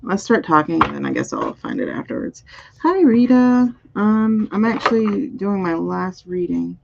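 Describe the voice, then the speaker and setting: A woman's voice: mid-range voice, sing-song, moderate pace, vocal fry, a little hiss or hum. A woman doing a live-streamed spiritual card reading, musing aloud over the cards and chatting with viewers. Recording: dull, muffled audio.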